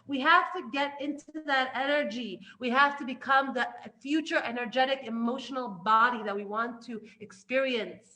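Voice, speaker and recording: A woman giving an animated spiritual lesson, emphatic and full of restarts, swinging between loud and hushed. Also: high voice, normal speed, hardly any pauses. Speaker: Torah teacher.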